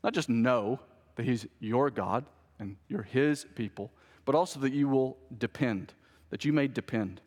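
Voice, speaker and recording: A man, a pastor, delivering an animated sermon and asking the congregation rhetorical questions. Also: mid-range voice, measured pace, breathy edge, big-room sound.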